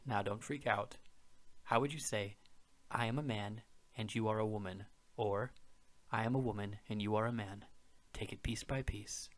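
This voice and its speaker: A man's voice: on the low side, fairly even intonation, normal speed, long pauses. A man narrating a beginner language lesson, explaining words patiently and step by step. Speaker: language teacher.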